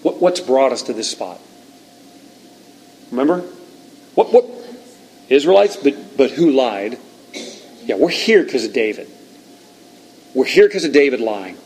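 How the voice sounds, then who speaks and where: A man preaching a sermon, reading scripture and retelling it with lively, acted-out lines. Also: mid-range voice, unhurried, long pauses, a little hiss or hum, rough recording. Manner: animated storytelling, reads scripture aloud, acts out shouts. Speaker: pastor.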